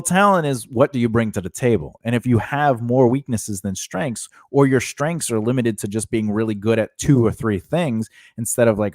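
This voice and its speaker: A man's voice: mid-range voice, a little mellow, dry recording, clean studio sound. A man co-hosting a home podcast, chatting casually in a rambling way and breaking off to talk to his dog. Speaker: podcast co-host. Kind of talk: casual chat.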